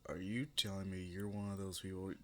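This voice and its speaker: A man's voice: low voice, little pitch movement, a little fast, bright, forceful tone. A man voicing Kanoko, a flustered teen girl. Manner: nervous, protesting, stammering. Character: flustered teenage girl, shy and easily embarrassed. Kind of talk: amateur story narration with voiced characters.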